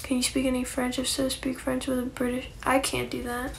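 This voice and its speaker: A woman's voice: high-pitched, monotone, brisk, vocal fry. A young woman chatting casually on a phone livestream, rambling with lots of likes and ums and casual swearing.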